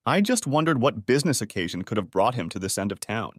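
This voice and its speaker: A man narrating a first-person story in a steady storytelling manner, close to the mic. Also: on the low side, fast talker, no room sound.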